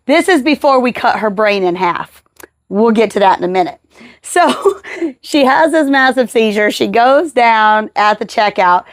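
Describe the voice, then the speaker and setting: Woman, podcast host and mom, higher voice, lively storyteller, dry close sound. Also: measured pace, dry recording. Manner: animated storyteller acting out quotes. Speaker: mother and caregiver of a child with seizures. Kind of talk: casual storytelling interview.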